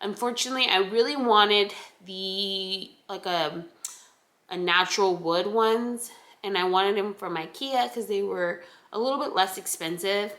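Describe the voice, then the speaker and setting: A woman's voice: mid-range voice, unhurried, fairly bright tone. A young pregnant woman chatting casually to camera in a rambling way, with lots of fillers and restarts. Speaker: vlogger. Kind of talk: casual chat.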